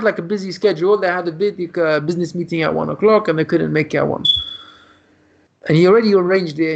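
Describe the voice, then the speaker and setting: A man's voice: sits high, creaky, darkish tone. A man, a rabbi, teaching a lesson by telling a story in a loose, run-on way over a video call. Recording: dull lo-fi video call audio.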